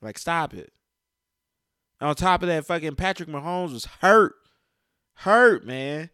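A man's voice: a little high, lively intonation, measured pace, sharp tone, smooth, no echo, clean studio sound. Profane exasperated man ranting. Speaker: sports fan commentator. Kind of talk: heated casual rant.

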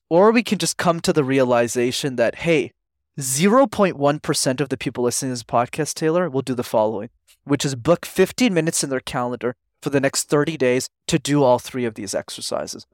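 A man's voice: mid-range voice, fairly quick, dry recording, clean studio sound. A man speaking as a guest on a podcast interview, coaching with energy and acting out little dialogues. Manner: energetic, animated, acts out quotes.

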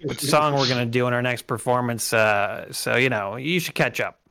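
A man playing a tabletop game who talks in a hesitant way, full of fillers and restarts. His voice sits at a middle pitch and sounds dry and close. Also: normal speed, pushed and bright, dry recording. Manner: hesitant, filler-heavy talk. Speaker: player.

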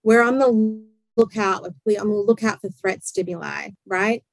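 A woman explaining psychology in conversation, talking fast and acting out little quotes. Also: mid-range voice, fairly even intonation, no echo, low-quality recording.

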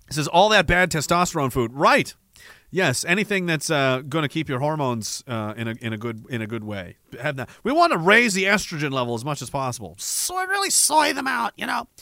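A male streamer reads chat aloud with crude, sarcastic banter. His voice is high and lively, with a dry, close sound and faint music behind. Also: vocal fry, dry recording. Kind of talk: casual chat.

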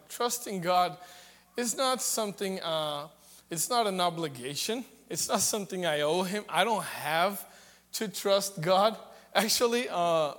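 A man preaching a sermon in a high, bright voice. He talks conversationally with jokes and builds to loud, emphatic points. The sound carries a long reverb, as in a large hall.

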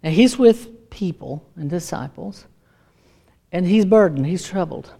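Female preacher, sermon delivery, emphatic and repetitive, slightly low pitch. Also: lively intonation, measured pace, gravelly, mellow. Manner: emphatic, repeats key lines.

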